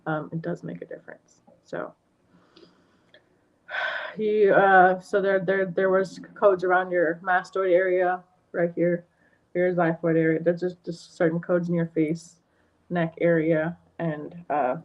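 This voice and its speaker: A woman's voice: fairly low pitch, little pitch movement, unhurried. Rambling woman giving a spiritual reading. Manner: rambling, many fillers and restarts. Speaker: energy healer and tarot reader. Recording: lo-fi muffled stream audio.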